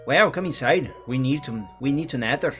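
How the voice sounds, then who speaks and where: A man's voice: medium pitch, animated, brisk, faint music behind, close to an everyday voice. A man putting on a Scottish accent to voice a chatty, kindly villager. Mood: friendly. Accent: put-on Scottish. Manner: warm, chatty, folksy. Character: kindly villager who fusses over a young witch.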